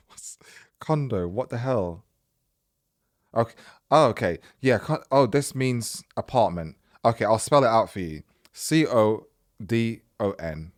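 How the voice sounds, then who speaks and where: A man's voice: medium pitch, expressive, measured pace, pauses often, no room sound, clean studio sound. A young man hosting a podcast, reading a listener's story aloud in a casual, chatty way and often breaking off to comment.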